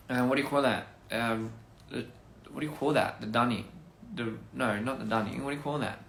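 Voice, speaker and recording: A man's voice: medium pitch, moderate pace, echoey room. A man chatting casually on a phone livestream, rambling through goofy wordplay and laughing at his own jokes. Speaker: livestream host.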